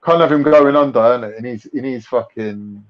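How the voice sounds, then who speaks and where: This young livestream host has a London accent and a mid-range voice at normal speed. He runs a casual chat packed with slang and mockery, recorded in lo-fi livestream audio.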